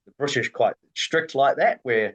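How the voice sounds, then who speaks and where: A man from Australasia, a rally team technician, chatting casually as a podcast guest, relaxed and rambling with many fillers. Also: medium pitch, moderate pace, highs cut off. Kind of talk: casual interview chat.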